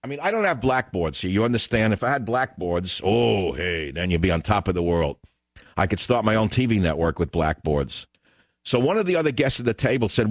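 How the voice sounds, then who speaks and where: A man's voice: on the low side, animated, a little fast, dry recording, dull audio. A man hosting a talk radio show, ranting and sarcastic in a combative monologue.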